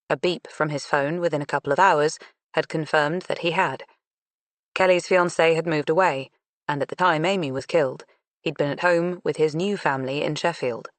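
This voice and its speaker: A woman narrating an audiobook in a measured, unhurried reading. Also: low-pitched, no echo. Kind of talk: scripted narration.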